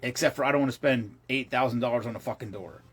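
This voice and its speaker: A man's voice: medium pitch, fast talker, fairly bright tone, breathy edge. A middle-aged man hosting a casual livestream, telling rambling stories in a loose, profane way. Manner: rambling, profane storytelling with laughs. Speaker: livestream host.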